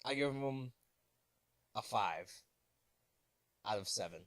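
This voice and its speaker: Young man, casual vlog storytelling, jokey and animated, dry close recording. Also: medium pitch, slow, gravelly, no echo. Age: 20s. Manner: animated, joking, laughing at his own asides. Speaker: vlogger.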